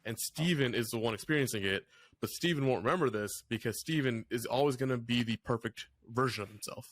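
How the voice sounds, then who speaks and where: A man in casual podcast chat, thinking out loud and restarting sentences as he analyzes. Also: medium pitch, brisk, slight background noise. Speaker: podcast co-host.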